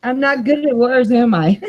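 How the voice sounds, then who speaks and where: A woman's voice: fairly high pitch, a little mellow, breathy edge, muffled recording. A middle-aged woman, mother of grown children, hosting a casual live stream, rambling, emotional and laughing often. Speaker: channel host.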